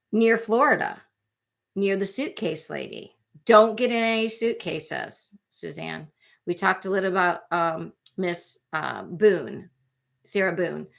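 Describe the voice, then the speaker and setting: A woman's voice: fairly low pitch, bright, forceful tone. A woman in her forties hosting a true crime livestream, chatting casually and rambling sympathetically as she reads viewer comments.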